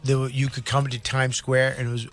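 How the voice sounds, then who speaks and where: A man's voice: medium pitch, monotone, a little fast, fairly bright tone, faint music behind. A middle-aged man, co-host of a comedy talk show, telling crude anecdotes in casual chat and acting out the quoted voices.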